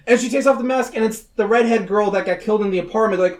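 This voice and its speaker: A man co-hosting a casual podcast, animatedly retelling a movie plot, swearing freely and mimicking characters in squeaky voices. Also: lively intonation, fast, few pauses. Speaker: podcast co-host.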